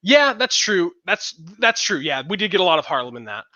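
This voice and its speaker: A man's voice: sits high, sing-song, fairly quick, bright, forceful tone, no echo, muffled recording. A man co-hosting a podcast in casual chat, rambling with fillers and restarts. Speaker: podcast co-host.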